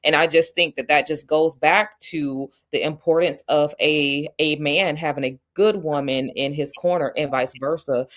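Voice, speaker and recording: Low-voiced woman podcast host. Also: fairly even intonation, normal speed, hardly any pauses. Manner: earnest, reflective, repeats words as she thinks. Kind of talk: interview conversation.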